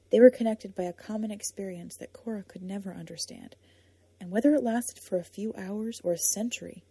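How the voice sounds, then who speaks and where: A woman narrating an audiobook in a soft, measured storytelling manner. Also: mid-range voice, creaky, breathy edge, no echo.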